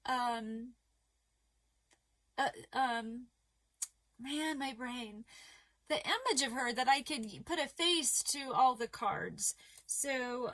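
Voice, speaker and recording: A middle-aged woman vlogging casually to camera about crochet mail, her voice going hoarse, halting and emotional with many fillers and restarts. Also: sits high, fairly bright tone. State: losing her voice.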